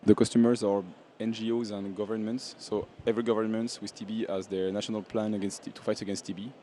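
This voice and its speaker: Low, dark-voiced man answering a panel. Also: flat delivery, slight background noise. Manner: halting, repeats words. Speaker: startup founder pitching. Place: outdoor festival stage.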